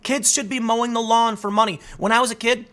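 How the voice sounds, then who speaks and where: A man hosting a commentary show, ranting to his audience in an emphatic, animated way. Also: very high-pitched, a little fast. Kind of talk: opinion rant to camera.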